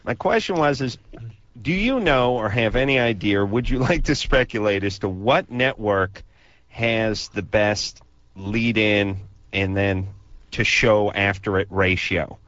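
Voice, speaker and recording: A man's voice: fairly low pitch, measured pace, fairly bright tone, dry recording. Guy hosting radio chat, sarcastic, rambly, stammers a lot, dry dull sound. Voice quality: distinctive voice others mimic. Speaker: radio host. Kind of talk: casual joking chat.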